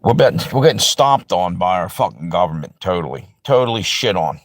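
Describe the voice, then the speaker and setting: A man with a lowish voice rants hotly on his live stream, swearing freely and circling back on himself. The sound is close and dry. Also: expressive, a little fast, no echo. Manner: profane, heated, rambling. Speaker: livestream host. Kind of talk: angry livestream rant.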